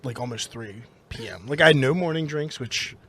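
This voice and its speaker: A man's voice: mid-range voice, lively intonation, brisk, a bit bright, slightly rough. A man co-hosting a podcast in casual, amused banter. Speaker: podcast co-host. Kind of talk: casual chat.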